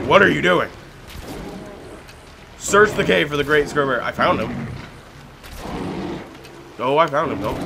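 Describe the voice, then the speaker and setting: A young man giving let's play commentary on a game, excitable and pleading loudly with his in-game pet bear. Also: on the high side, noisy background. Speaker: gaming YouTuber.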